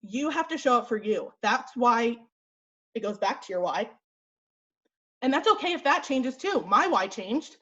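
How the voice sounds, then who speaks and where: A woman's voice: fairly high pitch, big pitch swings, fairly bright tone, lo-fi sound. A young woman leading a motivational team call as a fitness coach, talking bluntly and chattily, a little out of breath. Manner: blunt, chatty, quick with fillers. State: slightly out of breath.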